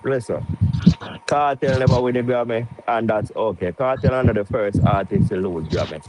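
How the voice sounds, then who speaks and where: A man's voice: mid-range voice, moderate pace, darkish tone, slight background noise, low-quality recording. A man with a Jamaican accent calling into a livestream, insistently scolding and repeating "bro". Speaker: caller. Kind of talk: phoned-in livestream rant.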